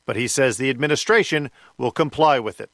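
A man filing a radio news report in a steady, even reporting tone. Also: mid-range voice, a little fast, vocal fry, dry recording, clean studio sound. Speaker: radio correspondent.

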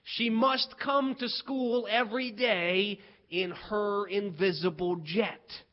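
A man voicing an earnest schoolboy who lays out a secret plan in a hushed, slow, conspiratorial way. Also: high voice, steady tone. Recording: dull lo-fi recording.

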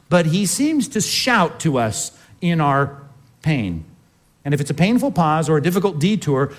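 A man preaching a sermon in a conversational way, often putting questions to the congregation. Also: high-pitched. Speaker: pastor.

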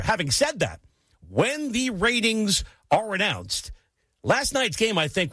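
American sports radio guy, bright slightly high voice, punchy opinionated takes, dry close mic. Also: no room sound. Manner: emphatic, opinionated, animated delivery. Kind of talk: sports talk commentary.

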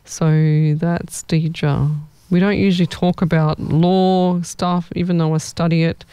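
Young medium, casual live-stream chat, thinks aloud, mellow, dry close sound. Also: mid-range voice, level tone, slow, smooth, dry recording. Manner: chatty, rambling, thinks aloud.

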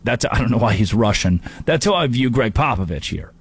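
A male sports radio host talking straight to his audience in a lively, joking monologue. His voice sits at an ordinary middle pitch, and he keeps the energy up with asides and quick impressions. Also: breathy edge, no room sound. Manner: animated, jokey, tosses in brief impressions.

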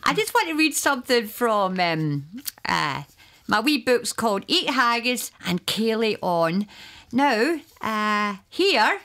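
A woman presenting on community radio, chatty and quick to laugh. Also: a little high, very animated, fairly bright tone.

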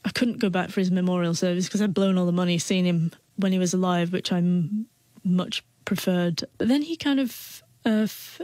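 Speaking in a lowish, slightly mellow voice with no echo, a woman recounts a personal story during an interview. She stutters a lot, repeating sounds and starting words over.

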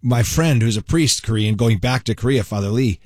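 A middle-aged man co-hosting radio, talking in relaxed, reflective casual chat. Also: mid-range voice, normal speed, no room sound, clean studio sound. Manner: relaxed, reflective, lots of short agreeing replies. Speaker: radio co-host.

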